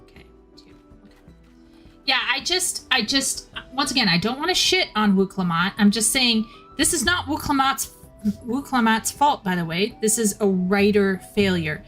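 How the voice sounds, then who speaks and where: A woman's voice: on the high side, expressive, moderate pace, a bit bright, faint music behind. A woman casually commenting on a game story while she live-streams it, often restarting her sentences. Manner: chatty, restarts sentences, critiques the writing.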